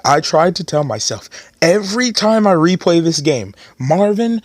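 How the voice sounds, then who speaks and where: A man's voice: on the high side, dry recording. A man hosting a let's play, making casual, chatty and exasperated joking asides between game dialogue. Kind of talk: casual gaming commentary.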